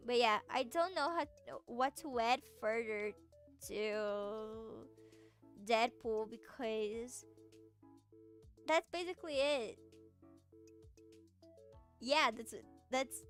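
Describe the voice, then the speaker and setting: High-voiced woman, slow giggly stream chat. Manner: playful, giggly, answers chat with stammering restarts. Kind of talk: casual livestream chat.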